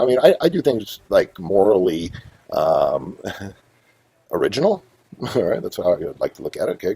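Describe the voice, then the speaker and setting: A middle-aged man hosting his own show, telling a long story in a rambling, profane, animated way. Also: sits low, creaky, breathy edge, dry recording, poor audio. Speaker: host. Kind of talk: casual storytelling monologue.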